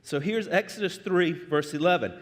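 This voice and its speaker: Man preaching in a church sanctuary, high and animated, conversational delivery with a long hall reverb. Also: moderate pace. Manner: conversational, animated, joking with the congregation. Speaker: pastor. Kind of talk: sermon.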